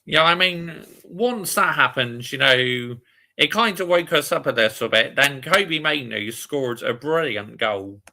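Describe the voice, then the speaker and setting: A man's voice: medium pitch, animated, unhurried, vocal fry, bright, forceful tone. A man chatting about a football match as a fan, grumbling at poor play.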